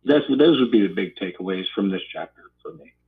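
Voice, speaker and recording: A man's voice: low-pitched, lively intonation, fairly quick. A man who is a guest chef on a podcast, chatting casually in a hesitant way with many uhs. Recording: tinny phone line.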